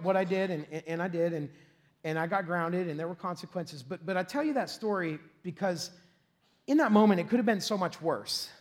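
High-voiced, animated pastor telling a story. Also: male voice. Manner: animated, self-deprecating, laughs often, shouts at peaks. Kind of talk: storytelling sermon.

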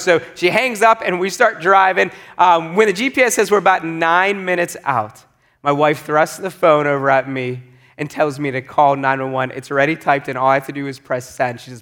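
Lively pastor, man, slightly high voice. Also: fairly quick. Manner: lively, acts out the voices in his story. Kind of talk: storytelling sermon.

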